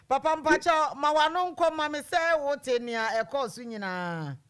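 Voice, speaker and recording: A woman's voice: high voice, moderate pace, a loud crowd. A woman hosting a call-in radio show, affirming and encouraging her caller. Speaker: radio host.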